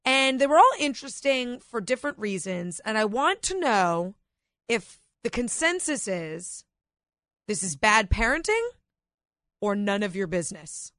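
Female radio co-host, higher voice, dry studio sound, chatty, laughs a lot. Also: sing-song, a little slow, a bit bright, no echo. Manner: laughs often, bantering. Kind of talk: casual talk radio chat.

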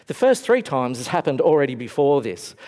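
A man preaching a sermon to a congregation, reflective and conversational, his voice dropping to a hush and then lifting again. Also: mid-range voice, big pitch swings, brisk. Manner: reflective, swings between raised and hushed voice. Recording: long hall reverb.

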